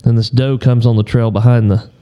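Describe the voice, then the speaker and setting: A man on a podcast telling a hunting story in a relaxed, rambling way, often clearing his throat. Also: medium pitch, a little fast, dull audio. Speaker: podcast co-host.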